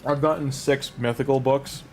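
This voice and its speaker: A man's voice: medium pitch, steady tone, moderate pace, darkish tone, slight background noise. Chatty man streaming a game. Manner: chatty, rambling, talks to chat, laughs easily. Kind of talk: casual live-stream commentary while playing.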